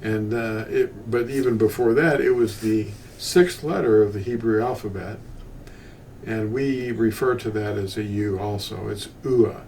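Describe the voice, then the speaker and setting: Older man, bible teacher, unhurried, rambling asides, distant mic, faint room noise. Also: on the low side, a little mellow. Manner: meandering, with frequent restarts and asides. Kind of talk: unscripted teaching talk.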